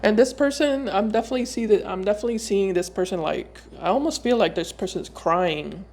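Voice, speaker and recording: A woman giving a casual tarot reading to her viewers. She talks in a loose, searching way, often pausing and repeating words before going on. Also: medium pitch, a little mellow, a little hiss or hum. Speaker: tarot reader.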